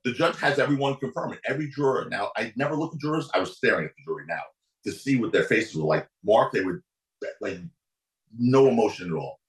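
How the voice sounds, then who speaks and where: Animated storytelling man, roomy sound. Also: quick pace. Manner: animated, acts out quotes with big pitch swings. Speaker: defense attorney guest. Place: podcast studio.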